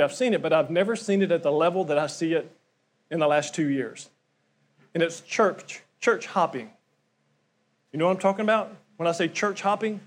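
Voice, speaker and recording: A middle-aged man preaching a sermon to his congregation in a conversational way, often asking them questions. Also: high voice. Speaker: pastor.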